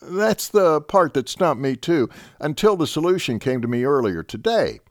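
Man playing a young lieutenant, higher voice, eager, stammers, very lively, dry sound. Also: normal speed, dry recording. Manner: earnest, excited, stammering.

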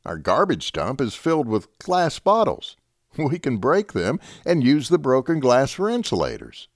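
A man's voice: medium pitch, huge pitch swings, unhurried, dry recording, clean studio sound, voice pushed up, heavily acted. A man voicing an eager young army lieutenant, earnest and stammering over his plan.

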